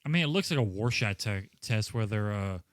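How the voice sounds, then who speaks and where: A man's voice: on the low side, fairly quick, no echo. Male podcast co-host, easygoing, curses a lot, dry close sound. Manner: relaxed, profane, plot-recapping. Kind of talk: casual movie-review chat.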